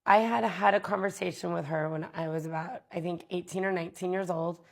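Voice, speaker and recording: A woman vlogger telling a personal story in a candid, halting way, with many pauses and fillers. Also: on the low side, fairly even intonation, creaky.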